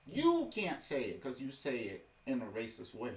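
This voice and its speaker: A man's voice: medium pitch, big pitch swings, moderate pace, few pauses. Heated man ranting in a roomy echo. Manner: heated, exasperated, keeps saying "bro". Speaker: reaction video host. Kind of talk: ranting commentary over a clip.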